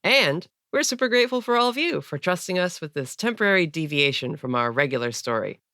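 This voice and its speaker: Woman host, crisp and bright voice, dry close recording. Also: fairly low pitch, expressive, fairly quick, no echo. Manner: warm, grateful addressing of listeners. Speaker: podcast host. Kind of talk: podcast mid-show segment.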